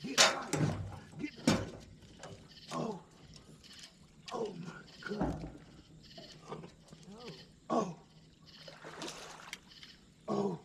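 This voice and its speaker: A hyped-up man shouting over a fishing catch, his voice gravelly and higher than most. He is heard from some way off the mic, outdoors with loud background noise. He hammers short phrases over and over. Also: very slow, pauses often, distant mic. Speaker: angler filming his catch. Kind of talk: excited outdoor fishing commentary. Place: outdoors on the water while fishing. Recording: noisy outdoor audio, mic away from the speaker.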